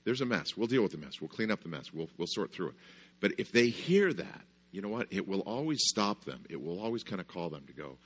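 Husky lively man speaking at church. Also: low-pitched, brisk. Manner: conversational, lots of "right?" asides. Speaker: conference speaker. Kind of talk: storytelling parenting talk. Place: church conference stage.

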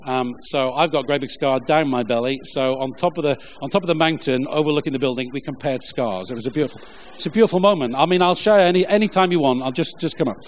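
A man preaching a relaxed, conversational sermon with jokey asides and lots of fillers, reading scripture along the way. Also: medium pitch, slight background noise. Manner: informal, halting, many fillers, jokey asides. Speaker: pastor.

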